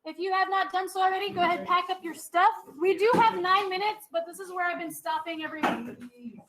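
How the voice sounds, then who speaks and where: A woman's voice: very high-pitched, a little fast, noisy background. A woman teacher giving a classroom lecture. She explains step by step, checks in often with "okay?" and is firm with chatty students.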